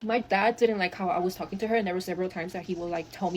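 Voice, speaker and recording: A woman's voice: lowish voice, steady tone, racing, noisy background. A woman telling a personal storytime, blunt and full of swearing, dropping into Spanish phrases. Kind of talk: storytime monologue.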